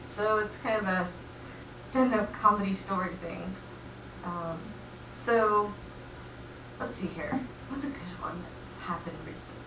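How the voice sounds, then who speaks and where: A young woman telling a comic personal story in a chatty, animated way, acting out quoted voices. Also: medium pitch, measured pace, pauses often, roomy sound, distant mic, background noise.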